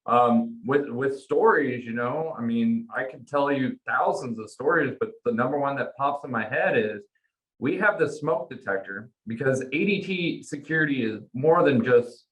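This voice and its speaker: A man's voice: medium pitch, normal speed, low-quality recording. A man working in home security, casually telling client stories on a panel with loose fillers. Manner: casual, relaxed storyteller with fillers. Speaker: home security sales guest. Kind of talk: panel conversation.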